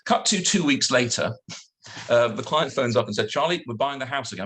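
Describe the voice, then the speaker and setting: A man, a solicitor, telling a lively anecdote on a video call and acting out the other people in it. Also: mid-range voice, fast talker. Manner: animated storyteller acting out dialogue. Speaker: guest solicitor.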